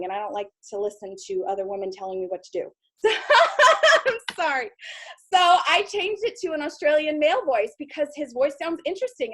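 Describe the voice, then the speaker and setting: A woman in her thirties giving a casual training talk to her sales team, chatty and self-deprecating, with frequent fillers and quick laughs. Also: high-pitched.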